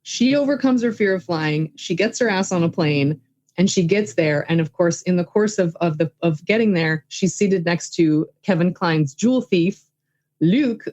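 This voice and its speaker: Woman guest, low-ish voice, eager and chatty, lo-fi call audio. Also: a little mellow. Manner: enthusiastic, rambling with many fillers. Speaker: guest, filmmaker and writing coach. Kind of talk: casual interview chat.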